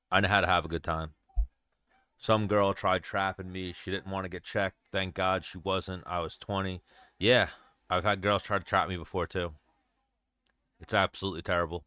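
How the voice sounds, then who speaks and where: A man's voice: deep voice, bright, forceful tone, smooth, no room sound. A young adult man hosting a casual livestream chat, talking bluntly and profanely in a rambling way. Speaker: show host.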